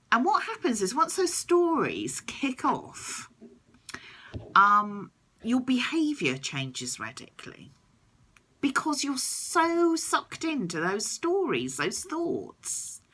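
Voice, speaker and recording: A woman's voice: a little high, fairly bright tone, breathy edge. A woman vlogger talking reflectively to camera in a thoughtful, explanatory way.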